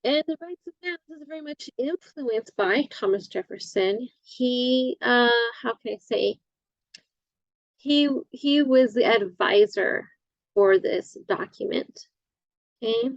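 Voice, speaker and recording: A woman instructor giving a recorded lecture, halting often with fillers and correcting herself as she goes. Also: fairly high pitch, animated, gravelly, dry recording, highs cut off.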